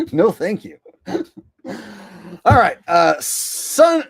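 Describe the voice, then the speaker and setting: A man's voice: high voice, very animated, drawn-out words, breathy edge, no echo, studio quality. A man hosting a live stream, joking and boasting as he reads out viewer chat. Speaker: streamer host.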